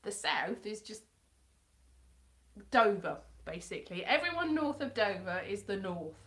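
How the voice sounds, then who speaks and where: A woman's voice: mid-range voice, very animated, a little slow, a bit bright. A woman from South Wales, chatting casually and self-deprecatingly on a live stream.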